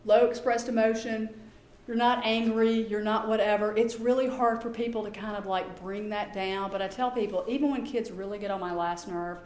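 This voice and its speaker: A woman giving a talk to parents as a behavior specialist. She is chatty and lively and often acts out quoted dialogue. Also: medium pitch, moderate pace, roomy sound. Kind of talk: presentation to an audience.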